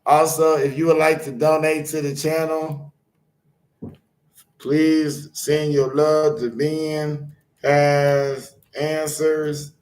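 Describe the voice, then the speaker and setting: A man's voice: on the high side, flat delivery, slow, a little mellow, roomy sound, poor audio. A man hosting his own spiritual channel, talking loosely and rambling between card readings and chanted blessings.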